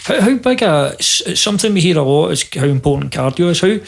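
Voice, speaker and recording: A man hosting a casual podcast interview, asking relaxed, rambling questions. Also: a little high, a little fast, creaky. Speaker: podcast host.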